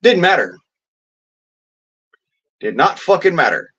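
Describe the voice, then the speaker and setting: A man's voice: on the high side, very animated, slow pace, a bit bright, husky, muffled recording. A man ranting in a vlog, swearing constantly in a blunt, rambling way with folksy slang. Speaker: vlogger.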